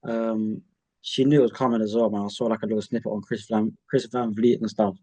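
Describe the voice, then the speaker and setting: A man's voice: lowish voice, little pitch movement, brisk, mellow. A man co-hosting a casual wrestling chat, easygoing and upbeat. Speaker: podcast co-host.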